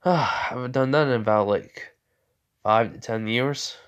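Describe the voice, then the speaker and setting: A man's voice: mid-range voice, unhurried, dull audio, natural voice. A man voicing a cocky seasoned male demon hunter, laid-back and teasing. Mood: casual.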